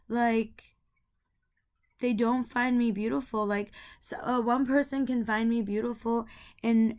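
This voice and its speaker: A young woman talks straight to the camera in a raw personal rant, her voice sitting a little high for a woman. She rambles, circling back with fillers and repeated phrases as her frustration builds into heated bursts. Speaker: vlogger.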